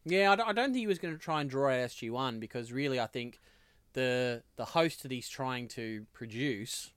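Bright thoughtful podcast co-host. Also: male voice, medium pitch, animated, moderate pace, smooth, no room sound. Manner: thoughtful, reasons things through. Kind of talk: casual podcast chat.

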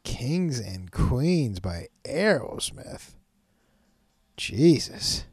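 A man's voice: medium pitch, sing-song, drawn-out words, a little mellow, breathy edge, no echo. A man hosting his podcast, rambling in a casual, profane, self-mocking way and often breaking into laughter. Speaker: podcast host.

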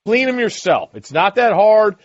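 Lively teasing man co-hosting. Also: sits high, no room sound, muffled recording. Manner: teasing, gives rapid tips. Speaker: podcast co-host. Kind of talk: casual chat.

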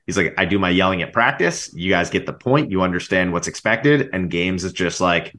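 A man's voice: low voice, fairly quick. A man who coaches football, chatting casually and easily on a podcast, with "like" all through his speech. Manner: relaxed, heavy use of "like".

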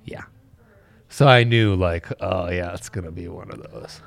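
A man's voice: deep voice, a little slow, gravelly, a little hiss or hum. A man in his thirties co-hosting a casual sports-betting podcast, teasing and playful. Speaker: podcast co-host. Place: studio in Colorado.

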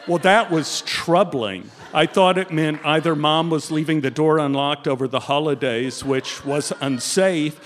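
An older man from Texas telling a comic personal anecdote as a guest, animated and chuckling as he talks. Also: a little high, a little slow, few pauses, big-room sound, a little hiss or hum. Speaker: guest storyteller.

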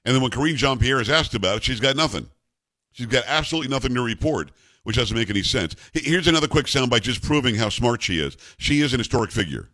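A man's voice: medium pitch, expressive, quick pace, bright, forceful tone, no room sound. A man hosting a political talk radio show, speaking indignantly and sarcastically into a studio mic.

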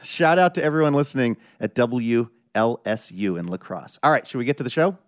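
A man's voice: mid-range voice, animated, brisk. A man hosting a public radio show, bantering with his announcer and reading ads. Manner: upbeat, bantering.

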